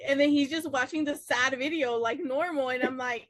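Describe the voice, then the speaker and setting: A woman's voice: high voice, fairly even intonation, moderate pace, hardly any pauses, fairly bright tone, no room sound. A woman guest, a business owner, chatting casually, giggly and tired. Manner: giggly, laughs often. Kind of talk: casual chat.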